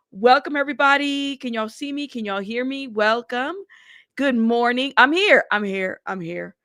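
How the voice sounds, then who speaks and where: A woman hosting a casual livestream talks in a chatty, blunt way, laughing easily and calling out viewers by name. Her throat is a bit rough from a cold. Her voice sits somewhat high and sounds close and dry, with no room around it. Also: fairly bright tone, dry recording. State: a little sick in the throat. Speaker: livestream news host.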